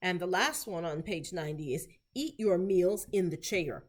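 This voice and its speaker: A woman with a somewhat low voice teaches fellow clinicians in a relaxed video lesson. She is patient and methodical, repeating each phrase slowly several times so listeners can follow along. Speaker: therapy clinician teaching Spanish.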